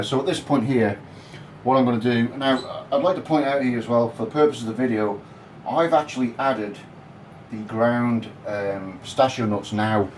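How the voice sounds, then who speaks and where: A man's voice: mid-range voice, a little hiss or hum, rough recording. A man giving a casual, cheeky and crude cooking demonstration in his home kitchen. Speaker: home cook.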